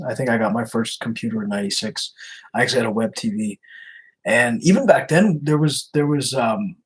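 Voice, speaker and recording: A man's voice: mid-range voice, husky, low-quality recording. A man running a prank call, chatting casually and laughing through wry asides. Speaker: prank caller. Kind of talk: casual chat.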